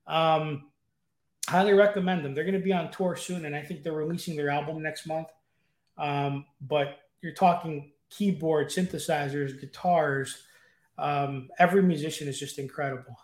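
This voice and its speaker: A man's voice: on the high side, steady tone, normal speed, roomy sound. A man chatting casually as a podcast guest, talking eagerly and rambling with fillers. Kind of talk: casual chat. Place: room at home with guitars.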